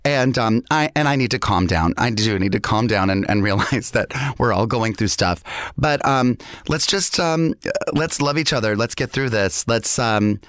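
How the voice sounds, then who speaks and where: Chatty host with dry close sound. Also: male voice, medium pitch, dry recording. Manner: rambling, animated, quick to laugh. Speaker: podcast host. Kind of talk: casual chat. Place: studio with guests.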